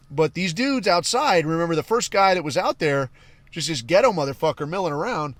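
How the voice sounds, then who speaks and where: Podcast host telling a raw war story, cursing freely, pitched a bit high, recorded dry and close. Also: male voice, dry recording. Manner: profane, animated, acts out quoted voices. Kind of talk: casual storytelling.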